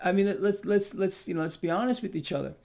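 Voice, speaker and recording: A man's voice: sits high, fast talker, vocal fry, darkish tone. A man giving solo financial commentary in a mocking, sarcastic tone, often breaking into exclamations.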